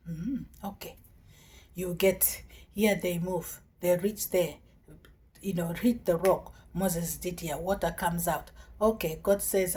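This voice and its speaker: A woman preacher retelling a scripture story in a sermon, animated, dropping into whispers and bursting into exclamations. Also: on the low side, a little slow, breathy edge.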